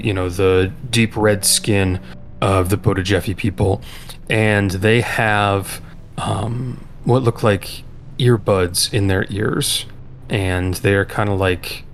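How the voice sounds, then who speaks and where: A man narrating as game master of a tabletop role-playing game, in loose, halting speech full of fillers. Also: on the low side, steady tone, slight background noise.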